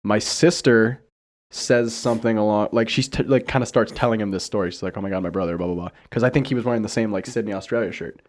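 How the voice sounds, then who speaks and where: Young guy from ohio telling a story on a podcast, lively, laughs a lot, acts out the other people. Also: lowish voice, fast. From Ohio, USA. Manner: animated storyteller, laughs often, acts out quotes. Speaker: podcast host. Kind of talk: casual chat, storytelling.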